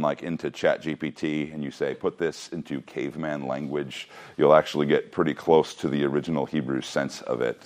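A man teaching a Bible class, mixing reading with joking asides and questions to the students. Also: extremely low pitch.

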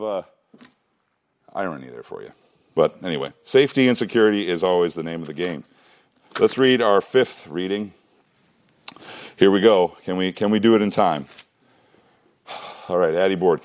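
A man's voice: sits low, a little mellow. A man teaching a Bible lesson to a class, conversational and emphatic, asking questions and repeating points. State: out of breath.

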